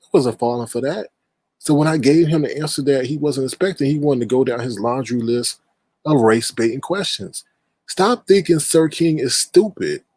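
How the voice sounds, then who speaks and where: A man hosts a live online panel, laughing in disbelief and scolding his guests. His voice sits at an ordinary pitch, and the sound is dry with no room around it. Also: normal speed, a little mellow, breathy edge, no echo. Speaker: panel host. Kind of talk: casual livestream panel chat.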